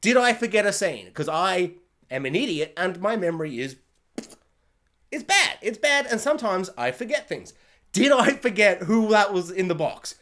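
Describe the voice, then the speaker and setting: A man casually ranting through a review of a show, jokey and animated, acting out scenes in silly voices. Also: high voice, moderate pace. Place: hot room at home.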